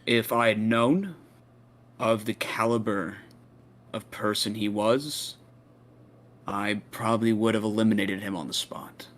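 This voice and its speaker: Low-voiced player speaking in character. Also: male voice, steady tone, a little slow, pauses often. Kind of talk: in-character tabletop role-play.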